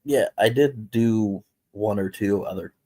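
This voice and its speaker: A man's voice: lowish voice, measured pace, dark tone. A man from upstate New York, a comic writer guesting on a talk show, speaking hesitantly with lots of fillers. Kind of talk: casual chat.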